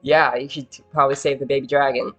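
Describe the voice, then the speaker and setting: A man talking through episodes of a show in a loose, rambling way. His voice sits at an ordinary middle pitch, and he keeps dropping into quick impressions of the characters. Soft music runs faintly underneath. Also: level tone. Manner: rambling, filler-heavy, acts out characters' lines. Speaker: video essay host. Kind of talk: casual episode recap.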